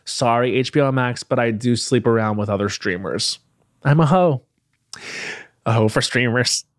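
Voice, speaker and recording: A man's voice: mid-range voice, normal speed, no echo, clean studio sound. A man hosting a podcast, reading a scripted introduction in a playful, gossipy way with jokey asides. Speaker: podcast host.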